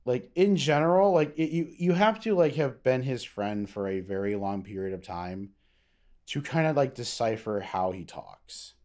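A man's voice: mid-range voice, expressive, moderate pace, darkish tone. A young man co-hosting a podcast in casual chat, rambling with lots of fillers and swearing. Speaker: podcast co-host.

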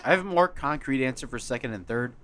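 A man's voice: medium pitch, expressive, quick pace, a bit bright, slight background noise. A young man in casual chat, easygoing and rambling as he ranks beers.

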